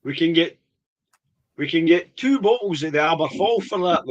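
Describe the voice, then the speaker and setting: A man's voice: fairly high pitch, lively intonation, normal speed, lo-fi sound. A middle-aged man with a Scottish accent, chatting enthusiastically during a whisky tasting. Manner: chatty, laughs often, enthusiastic. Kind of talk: casual tasting chat.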